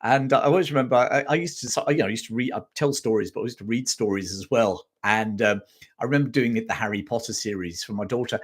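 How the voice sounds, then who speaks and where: A man's voice: mid-range voice, fast, slightly rough. A man hosting a live history chat stream, reading out viewer comments in a chatty way, with many ums and restarts.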